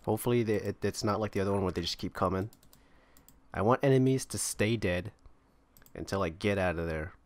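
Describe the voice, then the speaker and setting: Guy playing an online rpg, kinda low voice, just chatting to himself as he goes. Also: fairly quick. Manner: rambling, thinking aloud while playing. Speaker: gamer playing online roleplaying servers. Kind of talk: casual gameplay commentary.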